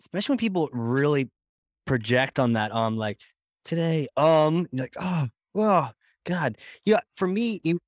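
A man's voice: a little high, very animated, moderate pace, no room sound, clean studio sound. A man hosting a podcast interview, asking questions with friendly jokes. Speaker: podcast host.

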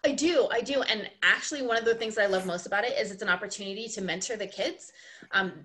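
A woman coach talks in a casual podcast interview with a mid-range voice. She tells her stories with emphatic repetition and a lot of energy, and she builds each point in steady, rhythmic steps. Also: medium pitch, fast. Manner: animated storyteller, emphatic repetition. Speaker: ice skating coach, podcast guest.

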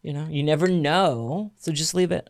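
A man's voice: on the high side, moderate pace. Blunt, foul-mouthed man co-hosting a podcast. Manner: blunt, profane, mocks others in put-on voices. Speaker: podcast co-host, realtor. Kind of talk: casual podcast chat.

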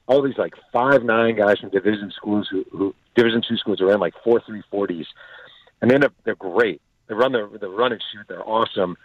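A male author, interviewed by phone, tells his stories with quick energy and slips into the voices of the people he quotes. His voice sits a little low. The line is thin and phone-like, with no room sound. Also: no echo. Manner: animated storyteller acting out quotes. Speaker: author and guest. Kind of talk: storytelling interview answers. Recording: tinny phone-line audio, dry.

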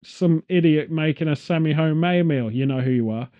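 Rambling British male podcast host, higher pitch, dull lo-fi recording. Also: brisk. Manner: rambling, joking, exaggerating. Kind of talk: casual chat. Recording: dull lo-fi audio.

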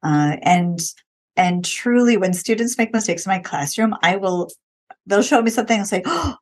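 A woman's voice: medium pitch, moderate pace. A woman who teaches elementary art, speaking as a guest in a casual interview, earnest and reflective.

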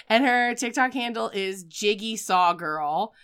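A woman hosting a casual chat, telling a story with animated energy and bursts of acted-out shouting. Her voice is very bright and exceptionally clear. She talks loosely, with fillers and quick asides. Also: mid-range voice. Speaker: podcast host recapping films.

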